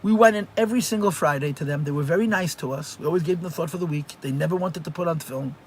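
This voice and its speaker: Fast and on the high side, a male rabbi's voice comes through with slight background noise. He is teaching a live religious class, animatedly telling stories and often repeating phrases for emphasis.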